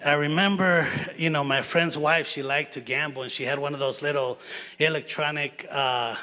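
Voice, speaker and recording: A man's voice: a little high, bright, forceful tone. A middle-aged man giving a sermon as a guest preacher, telling personal stories in a casual, chatty way. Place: church sanctuary. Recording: long church hall reverb.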